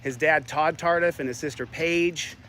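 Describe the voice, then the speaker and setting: A man's voice: fairly high pitch, normal speed, pushed and bright, slight background noise. A man filming himself as an independent journalist, confronting and insulting police in a public parking lot with a combative, taunting manner. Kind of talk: street confrontation.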